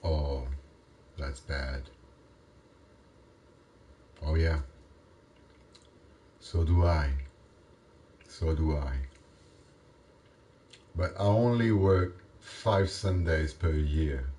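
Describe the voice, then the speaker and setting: Slow, deep-voiced European man chatting. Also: mellow, slight background noise. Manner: halting, repeats words, non-native phrasing. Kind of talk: casual one-sided chat.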